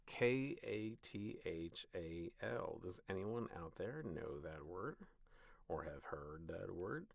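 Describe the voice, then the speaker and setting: A man's voice: sits low, lively intonation, slow pace, gravelly, no echo. A voice actor with a tired voice, reading short scripted lines and then chatting loosely about his delivery. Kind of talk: voiceover session with casual commentary.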